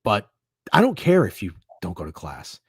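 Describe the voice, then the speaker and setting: A man's voice: on the low side, wildly swooping pitch, normal speed, slightly rough, no room sound, studio quality. A man co-hosting a casual sports podcast, talking in profane, exasperated rants. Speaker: podcast co-host.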